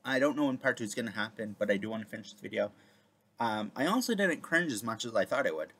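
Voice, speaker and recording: A man's voice: fairly low pitch, expressive, fast, fairly bright tone, breathy edge. A man, the video creator, chatting casually and rambling with many fillers. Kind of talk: casual reaction chat.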